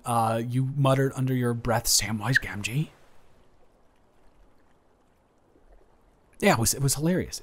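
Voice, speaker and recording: A young man playing his best friend's earnest older brother in an improvised romantic audio roleplay, speaking haltingly with many restarts. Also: mid-range voice, lightly acted. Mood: amused. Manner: halting, hesitant, frequent restarts.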